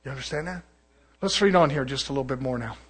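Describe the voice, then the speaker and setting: A man's voice: mid-range voice, quick pace, husky. A man, a pastor, preaching a folksy, conversational sermon and sometimes mimicking other preachers.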